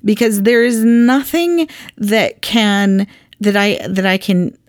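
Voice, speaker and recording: A woman's voice: mid-range voice, slow, no echo. Woman talking through bible verses on her podcast, casual and earnest, dry close sound. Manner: chatty and earnest, with many ums and restarts. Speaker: podcast host teaching Bible series.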